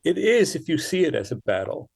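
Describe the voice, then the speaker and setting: A man, a writer, speaking as a guest in a radio interview, explaining in a measured and thoughtful way. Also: on the high side, big pitch swings, vocal fry, a little mellow, slightly rough.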